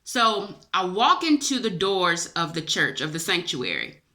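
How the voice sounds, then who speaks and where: A woman's voice: fairly low pitch, very animated, a little slow, bright, forceful tone. A woman vlogger, emotional and chatty, tells viewers a personal dream story, teary-eyed and calling them y'all.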